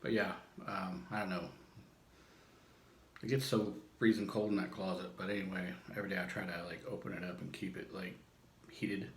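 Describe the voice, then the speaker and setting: A man's voice: sits low, level tone, normal speed, reverberant, slight background noise. A man, the host's husband, chatting casually and laughing easily. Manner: laid-back, laughs easily. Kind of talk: casual chat.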